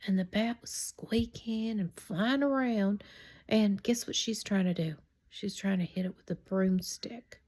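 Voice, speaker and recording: A middle-aged woman telling a true story in a chatty, rambling way, often dropping into a hushed whisper. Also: mid-range voice, measured pace. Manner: chatty and digressive. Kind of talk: casual spoken storytime.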